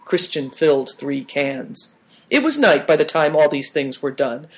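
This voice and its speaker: Man narrating a storybook, higher voice. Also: big pitch swings, unhurried. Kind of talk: audiobook narration.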